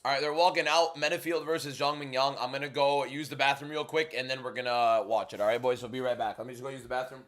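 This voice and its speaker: A young man hosting a fight-night watchalong stream from home, reading viewer questions and giving frank, quick opinions in casual chat. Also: medium pitch, fairly even intonation, fairly bright tone. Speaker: livestream host.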